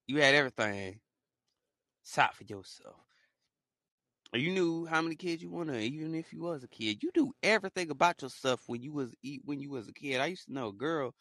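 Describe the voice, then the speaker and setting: A man's voice: mid-range voice, pushed and bright, no echo, clean studio sound. A young man talking casually in a rambling motivational monologue, joking and laughing as he mocks the people who envy success. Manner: rambling, joking, laughs often, mocks haters in put-on voices. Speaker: podcast host.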